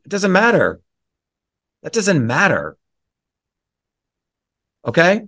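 A man's voice: fairly high pitch, wildly swooping pitch, slow, sharp tone. A middle-aged man hosting a town hall, speaking bluntly and preachily to a live audience and often checking in with "okay?" and "right?".

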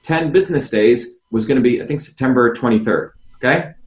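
A man's voice: medium pitch, fairly quick, echoey room. A man guest on a video call, explaining insistently, asking rhetorical questions and addressing the host by name. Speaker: interview guest, former candidate.

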